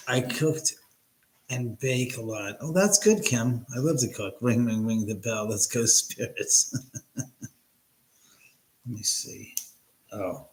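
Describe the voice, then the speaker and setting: A man's voice: mid-range voice, expressive, takes it slowly, pauses often, slight background noise, rough recording. A man talking casually into a computer mic at home during a live stream. He chats along with viewers, reads their comments aloud and answers them as he goes. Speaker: livestream host. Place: at home, his own house.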